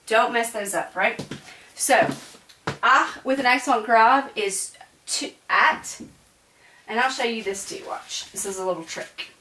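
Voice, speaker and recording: A woman's voice: a little high, measured pace, bright, forceful tone, distant mic, a little hiss or hum. Woman teaching in an echoey room. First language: English. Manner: chatty, explaining with frequent "right?" check-ins. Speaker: French teacher. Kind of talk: classroom lecture. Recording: echoey room, voice away from the mic.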